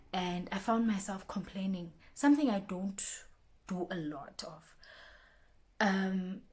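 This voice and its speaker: A young woman talks straight to camera in a casual motivational vlog. She is chatty and loose, circles back over her own words with restarts and fillers, and breaks into lively little voices for what her friends said. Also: mid-range voice. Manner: chatty, repeats herself, many restarts and fillers; acts out friends' lines in lively bursts. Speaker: vlogger.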